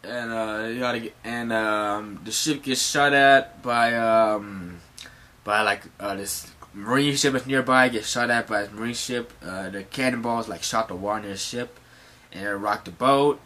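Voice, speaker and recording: A man's voice: fairly low pitch, measured pace, pushed and bright. A man retelling a manga chapter in a rambling, profane, casual way, full of fillers and restarts. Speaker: manga recap vlogger. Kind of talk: casual comic recap.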